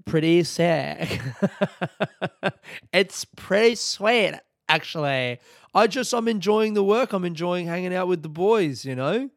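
A man's voice: sits high, animated, normal speed, no echo, clean studio sound. A young Australian man hosting his own podcast, chatting casually in a rambling, laid-back way with plenty of swearing. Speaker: podcast host. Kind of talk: casual solo podcast chat.

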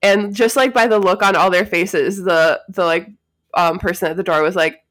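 A woman's voice: fairly low pitch, steady tone, normal speed, fairly bright tone. A woman co-hosting a podcast in casual chat, telling stories and laughing often. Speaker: podcast co-host.

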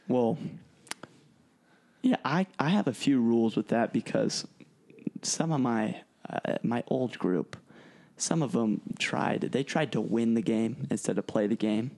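A man's voice: mid-range voice, expressive, a little slow, a little mellow. A young man talking casually about running tabletop games, rambling with many fillers and restarts. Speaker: game master guest. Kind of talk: casual chat.

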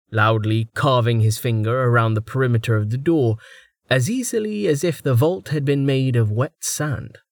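Guy narrating a fantasy audiobook, steady and measured, mid pitch, dry close mic. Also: no room sound. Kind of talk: scripted narration.

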